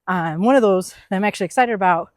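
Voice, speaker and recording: A woman's voice: mid-range voice, fast talker, darkish tone, dry recording, clean studio sound. A young woman from the US East Coast, talking candidly to camera in a casual vlog. She is reflective and uses many fillers like "like" and "you know.". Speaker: van life vlogger.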